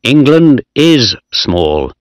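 A man voicing a tired, thoughtful young male ship officer who speaks calmly and slowly. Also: medium pitch, dry recording.

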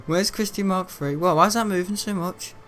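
A man's voice: sits high, expressive, a little slow, fairly bright tone, a little hiss or hum. A teenage young man giving rambling, chatty let's-play commentary while he plays, often laughing. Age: teens. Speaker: gaming video host.

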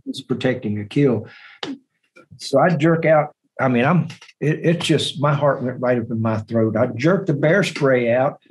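Man, podcast guest, hunting story, animated, repeats words, middle pitch. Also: measured pace, rough recording. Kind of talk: hunting story told in an interview.

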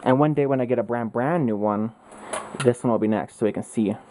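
Low-voiced young woman vlogging with friends. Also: fairly quick, slight background noise, low-quality recording. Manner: excitable, swears a lot, frequent laughs. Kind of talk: casual vlog chat. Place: indoors with friends.

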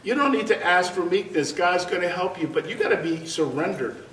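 An older man leads a church Bible class, spinning personal stories with repeated words and bursts of laughter. His voice sits high and bright. It carries from a distance through an echoing room. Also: a little fast. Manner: animated storyteller who repeats words and laughs. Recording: roomy sound from far off.

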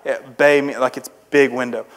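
A man's voice: medium pitch, fairly even intonation, measured pace. A young man preaching a youth sermon, telling stories in a joking, self-deprecating, conversational way. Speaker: traveling preacher. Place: church service with audience. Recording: long hall reverb.

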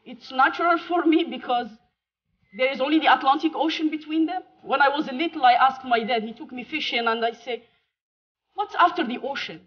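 Moroccan woman w/ french accent giving a keynote, chatty and jokey, kinda muffled lofi sound. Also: sits high. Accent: Moroccan French-accented English. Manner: chatty, jokey, pauses with fillers. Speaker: keynote speaker. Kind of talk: conference talk with slides. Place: lecture hall. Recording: muffled lo-fi talk recording.

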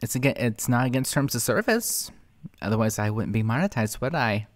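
A man's voice: mid-range voice, animated, fairly quick, no room sound. Sarcastic man hosting a reaction. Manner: sarcastic, blunt, scolding. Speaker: reaction channel host. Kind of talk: reaction commentary.

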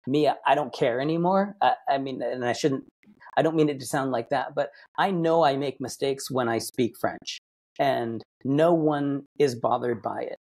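Guy from massachusetts telling stories on a podcast, keeps restarting his sentences, middle pitch. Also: moderate pace, darkish tone, husky. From Massachusetts, United States. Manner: rambling, self-correcting storyteller. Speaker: podcast guest. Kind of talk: casual interview chat.

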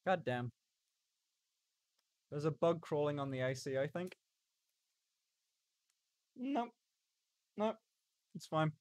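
A man's voice: fairly high pitch, expressive, takes it slowly, long pauses, dry recording, clean studio sound. A young man chatting casually on a live stream, rambling and stopping and starting as he reacts to chat. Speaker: livestreamer.

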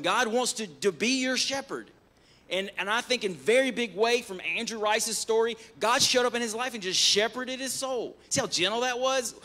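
A man's voice: sits high, sharp tone. A man preaching a sermon in church, speaking emphatically with frequent restarts. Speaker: pastor. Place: church, live-streamed service.

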